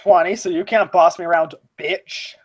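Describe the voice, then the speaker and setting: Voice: medium pitch, fairly even intonation, normal speed. Guest, casual group chat, teasing, cheeky, mid-range voice. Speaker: podcast guest.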